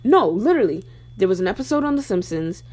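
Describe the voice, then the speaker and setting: A young woman co-hosting a casual chat, talking in an animated, slangy way and slipping into mock voices. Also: medium pitch, fast talker, background noise. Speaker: podcast co-host.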